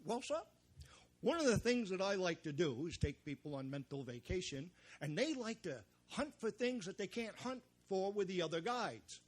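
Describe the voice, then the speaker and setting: A man's voice: sits high, big pitch swings, normal speed. A man playing a folksy tall-tale-telling woods guide, live on an outdoor festival stage. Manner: folksy, chuckling at his own jokes. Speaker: storyteller.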